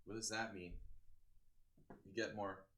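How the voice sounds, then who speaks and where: A man with a lowish voice talks through his games on a live chess stream. He keeps it loose and casual, cracking jokes and bantering with his viewers between moves. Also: fairly even intonation, a little slow, a bit bright, slight background noise. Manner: joking banter with chat.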